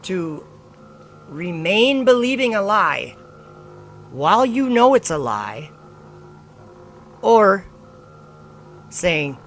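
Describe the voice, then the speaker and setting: A man's voice: fairly high pitch, very animated, takes it slowly, gravelly, pauses often, a bit bright, slight background noise. A man hosting a casual livestream, reading viewer comments aloud and mocking and lecturing the people who wrote them. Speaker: livestream host.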